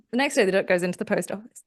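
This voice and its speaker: A woman co-hosts a podcast and tells jokes with an animated storytelling delivery. Her pitch rises and falls a lot. The sound is close and dry on a podcast mic. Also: fast, dry recording. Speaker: podcast co-host. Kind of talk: casual chat, telling jokes.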